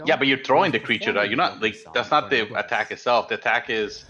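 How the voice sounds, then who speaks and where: A man's voice: mid-range voice, fast talker, sharp tone, lo-fi sound. Laid-back young man running a tabletop game. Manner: rambling, laughs often, many fillers. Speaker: dungeon master.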